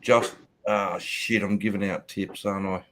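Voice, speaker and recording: A man's voice: on the low side, steady tone, normal speed, fairly bright tone. A man wisecracking and teasing others in a casual group chat. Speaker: chat participant.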